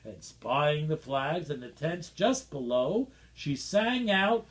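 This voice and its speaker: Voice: medium pitch, expressive, takes it slowly, few pauses. A reader at a school event reading a rhyming picture book aloud with dramatic, rhythmic expression.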